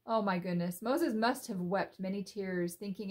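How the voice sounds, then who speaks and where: A woman telling a Bible story to children in an animated, expressive way, often asking her listeners questions. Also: mid-range voice, normal speed.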